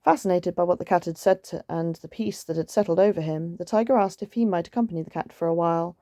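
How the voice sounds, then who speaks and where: Woman reading a storybook, gentle soothing tone, mellow low voice, dry close sound. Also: fast, no echo. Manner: gentle and soothing, with chatty asides. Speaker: storytime reader. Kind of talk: reading a picture book aloud.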